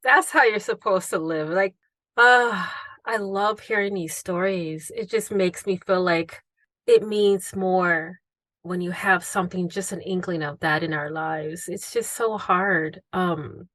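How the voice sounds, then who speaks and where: A woman's voice: on the low side, unhurried, fairly bright tone, no echo. A woman hosting a true-crime podcast interview, speaking in an earnest, heartfelt and reflective way. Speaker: podcast host.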